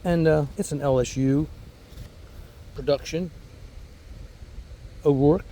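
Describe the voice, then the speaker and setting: A man's voice: mid-range voice, dark tone. A man hosting a casual garden vlog outdoors, talking in an enthusiastic, rambling way and repeating words as he goes. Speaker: fig grower and channel host.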